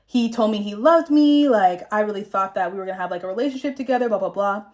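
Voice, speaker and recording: A woman's voice: mid-range voice, fast. A young woman from the Southern United States, chatting frankly and profanely while doing her makeup, telling a story about a fake friend. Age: young adult. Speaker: vlogger.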